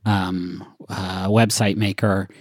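A man co-hosting a comedy podcast, joking in a halting, deadpan way. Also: deep voice, no room sound, clean studio sound. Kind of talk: comedic banter.

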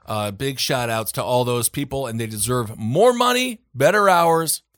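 A man co-hosting a casual comedy podcast, making crude jokes with lively, exaggerated reactions. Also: medium pitch, normal speed, no echo, studio quality. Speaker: podcast co-host.

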